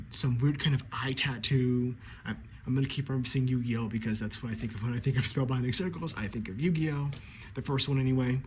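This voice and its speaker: Excitable man recapping a comic chapter. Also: mid-range voice, a little hiss or hum. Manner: excitable, acts out characters' lines, swears casually. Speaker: anime commentator.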